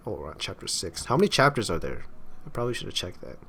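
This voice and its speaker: A man's voice: low-pitched, big pitch swings, fast talker, a bit bright, slightly rough. A man playing through a game, narrating its text and commenting in a casual, stumbling way with wry asides, his throat strained from talking. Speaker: gaming YouTuber.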